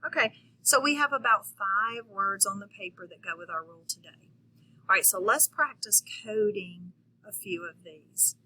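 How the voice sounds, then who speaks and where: A woman's voice: medium pitch, moderate pace, bright, forceful tone, slightly rough, rough recording. A woman teacher giving a patient phonics lesson to young children, checking in often with them.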